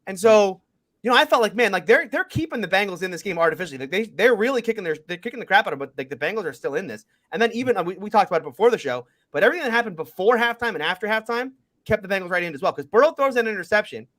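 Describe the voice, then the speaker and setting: A man co-hosting a casual sports podcast, excitable and animated as he breaks down a game. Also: sits high, rapid-fire. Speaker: podcast co-host.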